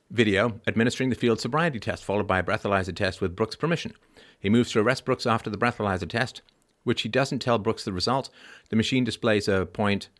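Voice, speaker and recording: A man hosting a commentary show, reading news reports aloud and breaking off into sarcastic, mocking asides. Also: on the low side. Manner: mocking, wry asides, swings from loud sarcasm to mumbled remarks. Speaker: podcast host.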